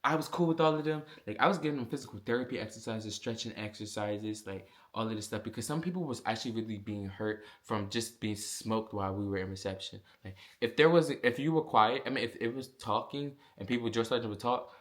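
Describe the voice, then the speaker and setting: Low-voiced young man telling a story. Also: brisk, hardly any pauses. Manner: casual, animated storytelling with frequent fillers. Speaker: vlogger. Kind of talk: storytime vlog.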